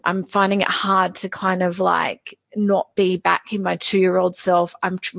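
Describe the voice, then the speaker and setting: A woman in her forties, a guest in a personal interview, speaking haltingly and repeating words as she opens up. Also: fairly low pitch, vocal fry, a bit bright, no echo. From Australia.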